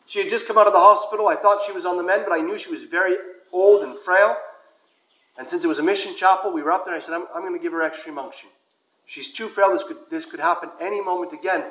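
A male priest preaches in a relaxed, storytelling way, sometimes dropping to a soft whisper. His voice sits high for a man. The sound is roomy, as if from inside a church. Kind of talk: sermon with personal anecdote.

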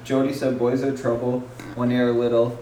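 A woman's voice: a bass voice, flat delivery, moderate pace, mellow, slight background noise. A woman co-hosting a podcast in casual chat, chiming in with dry wisecracks. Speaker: podcast co-host. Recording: echoey room.

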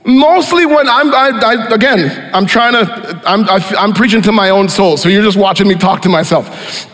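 A pastor preaching a sermon with emphasis. He reads scripture aloud, slows down for weight and rises to shouts on key lines. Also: high voice. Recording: reverberant hall with faint music.

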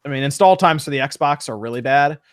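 A man hosts a casual gaming talk show, reading out viewer messages and answering them. He talks fast. His voice sounds dry and close, with no room around it. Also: a little high, clear, resonant tone, no room sound. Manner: quick, upbeat, reads out chat questions.

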